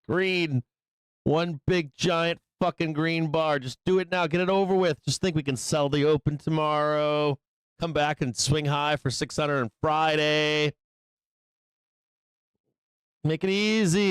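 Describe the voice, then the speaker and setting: A man hosting a live trading stream, swearing and impatiently yelling at the price chart, with excitable bursts and frequent laughs. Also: a little high, clean tone, dry recording. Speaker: live trading show host. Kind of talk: live-stream market commentary.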